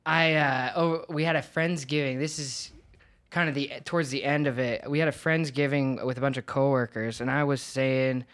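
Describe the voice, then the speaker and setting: Guy in his 30s on a podcast, talks open and kinda hesitant, thinking out loud. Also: medium pitch, steady tone, moderate pace. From Oregon, USA. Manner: candid, reflective, hesitant. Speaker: podcast guest. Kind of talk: casual podcast conversation.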